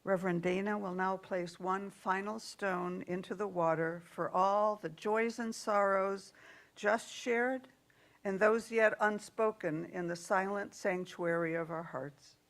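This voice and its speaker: Slow, gentle woman leading worship. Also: medium pitch, steady tone. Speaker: worship service leader.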